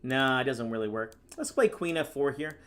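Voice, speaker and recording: A man from the United States commenting live on his own chess games, reading viewer questions aloud and answering in a casual, deadpan sarcastic way. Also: mid-range voice, moderate pace. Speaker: chess streamer and National Master. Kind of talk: live-stream commentary while playing.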